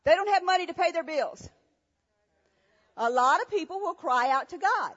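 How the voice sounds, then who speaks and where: A woman's voice: extremely high pitch, animated, normal speed, fairly bright tone. A woman preacher giving a sermon, asking rhetorical questions and telling stories with emphasis. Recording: echoey hall, dull sound.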